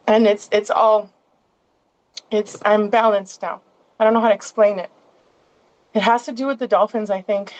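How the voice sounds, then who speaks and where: Woman, interview guest, fairly high voice, rambling, lots of restarts, muffled lo-fi audio. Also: a little mellow. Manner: rambling, with many restarts and asides. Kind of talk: casual interview chat.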